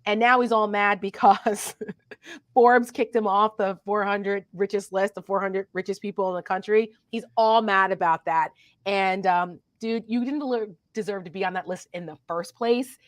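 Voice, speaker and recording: A woman's voice: medium pitch, fairly even intonation, normal speed, no echo, clean studio sound. A woman co-hosting a casual political chat, chatty, with many fillers and laughs. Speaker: co-host.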